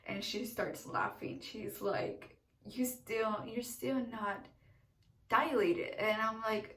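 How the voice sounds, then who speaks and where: A woman's voice: medium pitch, measured pace, far from the mic. Chatty young woman, echoey room. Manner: chatty, animated, acts out quotes. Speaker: new mother telling her birth story. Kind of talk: casual storytelling vlog. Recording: echoey room, away from the mic.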